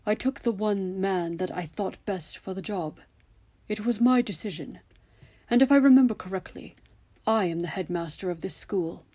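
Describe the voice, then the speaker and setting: A woman voicing an elderly male headmaster, calm and commanding, speaking softly and often in a whisper in a storybook reading. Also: medium pitch. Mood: stern. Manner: soft, measured, often whispered.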